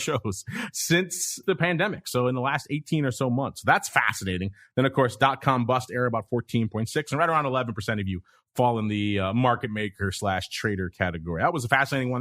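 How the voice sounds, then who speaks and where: A man hosting a podcast in a brisk, chatty manner, moving through listener mail and poll results. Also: medium pitch, a bit bright, no echo, studio quality. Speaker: podcast host.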